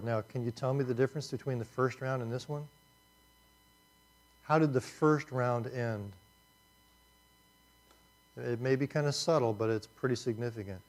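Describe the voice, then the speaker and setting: A man's voice: mid-range voice, a little mellow. Conversational man preaching on Job. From Indianapolis, US. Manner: conversational, asks the audience questions, frequent restarts. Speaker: pastor teaching a Bible study. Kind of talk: sermon with storytelling.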